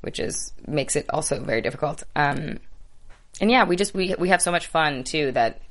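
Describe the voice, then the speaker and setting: A young actress chatting casually as an interview guest, laughing often and acting out quoted lines. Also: female voice, low voice, expressive, moderate pace.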